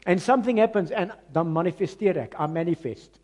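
Preaching in a South African accent mixed with Afrikaans, a pastor chats conversationally with his congregation and makes fun of himself. He swings between loud, emphatic lines and hushed ones, speaking fairly quickly in a high-sitting voice on a muffled recording.

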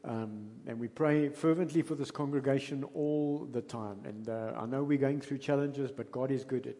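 In a church hall with long reverb, a South African man preaches with a warm, mid-range voice at a normal speed. His sermon is conversational, a story told in South African English and punctuated by emphatic outbursts.

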